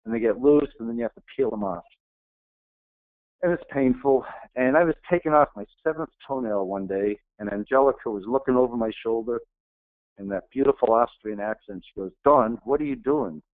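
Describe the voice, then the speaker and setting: A man's voice: mid-range voice, no echo. A middle-aged man giving an earnest, emphatic motivational talk as a guest speaker. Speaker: guest speaker, retired Navy SEAL. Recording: tinny phone-like, dry.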